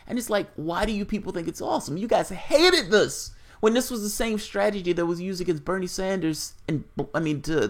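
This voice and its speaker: A man's voice: sits high, creaky. A man hosting casual political commentary on a livestream, reading viewer chat aloud and answering in a blunt, profane, rambling way.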